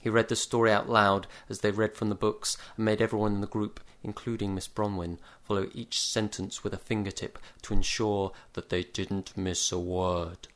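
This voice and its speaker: A man narrating a comic short story in a dry, measured deadpan. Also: lowish voice. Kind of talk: story reading.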